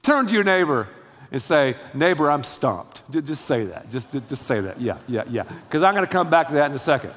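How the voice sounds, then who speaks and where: A man preaching a sermon, telling the story in a lively, slangy way. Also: medium pitch, quick pace, big-room sound. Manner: animated storytelling with slangy asides. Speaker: pastor.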